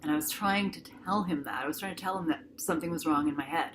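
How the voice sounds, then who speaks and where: A woman passionately retelling a personal ordeal, slipping into other people's voices as she goes. Her voice sits a little low. A steady background noise runs under the recording. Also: quick pace. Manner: emotional, animated, acts out voices. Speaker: patient telling her story. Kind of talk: dramatic personal storytelling.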